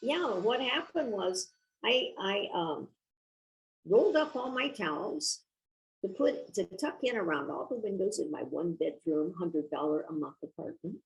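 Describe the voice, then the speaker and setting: Older female guest, gravelly tone, reflective and measured, casual conversational storytelling. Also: mid-range voice, very animated, low-quality recording. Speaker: guest author.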